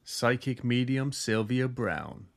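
A man's voice: medium pitch, animated, slow pace, vocal fry. A man hosting a podcast, casually telling a ghost story with lots of jokes and filler words. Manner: loose, jokey, heavy use of "like".

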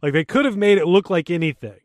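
A man co-hosting a podcast in casual chat, joking and quick to laugh. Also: sits high, lively intonation, dry recording. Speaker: podcast co-host.

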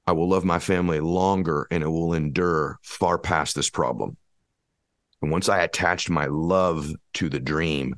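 A man's voice: a bass voice, dry recording, clean studio sound. A man giving an impassioned motivational talk, hammering his points with repeated rhetorical questions. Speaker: motivational speaker.

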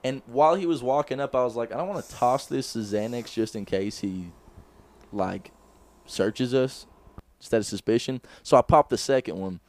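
A young man co-hosting a podcast tells a story in casual conversation, animated and swearing a lot as he acts out what other people said. He speaks at medium pitch and normal speed, recorded close-mic in a small room.

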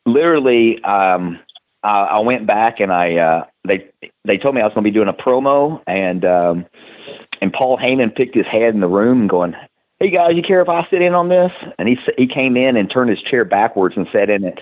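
A man's voice: on the low side, normal speed. A man with a Southern US accent, telling rambling stories as a guest in a casual interview, laughing often. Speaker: wrestler guest. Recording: tinny phone-like line.

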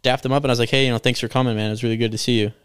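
Young male guest, quick animated storyteller, clear voice, dry close sound. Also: mid-range voice, no echo. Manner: animated storyteller, filler-heavy. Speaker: podcast guest. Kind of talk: casual chat.

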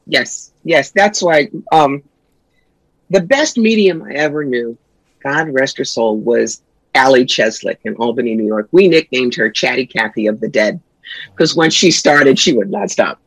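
A middle-aged woman, a guest psychic and author, telling stories in a brisk, wry, punchy way in a casual interview. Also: very deep voice, animated, breathy edge, no room sound. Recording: dull lo-fi sound, dry.

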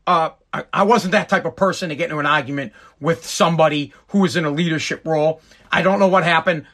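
A man's voice: on the high side, pushed and bright. A man telling an exasperated, profane stand-up story. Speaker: stand-up comedian.

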